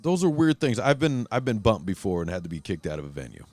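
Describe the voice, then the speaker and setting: A man's voice: lowish voice, fast talker. A man hosting a casual podcast, telling a rowdy story with lots of swearing and acted-out quotes. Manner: profane, animated storyteller acting out quotes. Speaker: podcast host.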